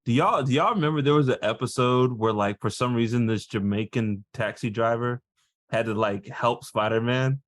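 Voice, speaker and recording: A man's voice: medium pitch, normal speed. A man co-hosting a casual podcast, laughing often and acting out scenes. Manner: animated, laughing, acts out quotes. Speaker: podcast co-host. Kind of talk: casual chat.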